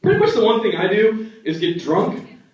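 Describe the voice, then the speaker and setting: A young man performing a stand-up comedy set in a club, telling stories and acting out family members in quick voices. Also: high voice, wildly swooping pitch, a little mellow, far from the mic. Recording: echoey, dull club recording from the back.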